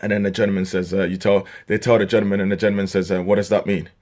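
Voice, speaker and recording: A man's voice: low voice, level tone, racing, a little mellow. A young man from England ranting to camera in an exasperated, swearing comic style, his voice jumping up when worked up. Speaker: vlogger.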